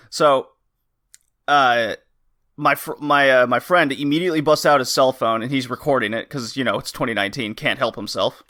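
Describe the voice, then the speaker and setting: A man co-hosting a podcast, casually telling an animated story, laughing often and swearing casually. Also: mid-range voice, moderate pace, long pauses. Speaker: podcast co-host.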